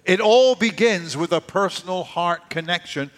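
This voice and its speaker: A man preaching a sermon in a conversational way, dropping his voice low and soft to stress key points. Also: lively intonation, normal speed. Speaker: pastor.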